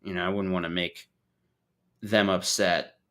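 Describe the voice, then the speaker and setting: A man's voice: low voice, little pitch movement, measured pace, a bit bright. A man hosting a podcast in casual chat, joking and swearing freely while mocking himself. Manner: joking, profane, self-mocking. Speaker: podcast host.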